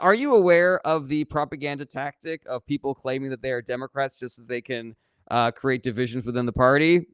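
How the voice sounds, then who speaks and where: A man's voice: on the high side, a bit bright, clean tone, no echo, studio quality. Blunt, sarcastic young man reading chat. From California. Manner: blunt and sarcastic, reads comments aloud then answers; swears casually. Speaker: livestream host answering viewer questions. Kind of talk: casual live-stream chat.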